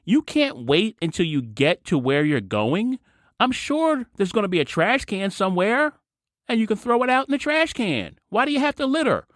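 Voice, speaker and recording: A man hosting his own podcast, delivering an opinionated solo monologue in a sarcastic, ranting way that jumps to a higher voice when he gets worked up. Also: moderate pace, dry recording, studio quality. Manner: animated, sarcastic ranting with sudden jumps in pitch. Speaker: podcast host.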